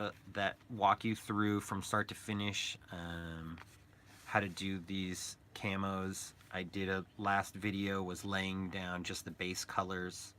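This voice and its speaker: A man rambles playfully in a casual vlog, his slightly low voice carrying a bright, forceful edge. A faint room hum sits behind him. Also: level tone, unhurried. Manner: rambling, playful, joking aside. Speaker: toy artist and painter.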